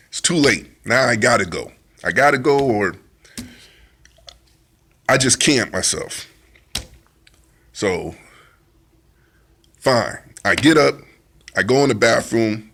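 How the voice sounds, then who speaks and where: A man's voice: mid-range voice, gravelly, fairly bright tone. Man telling a testimony story. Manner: vivid storyteller, acts out his own arguing; informal speech with dialect grammar. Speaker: testimony speaker.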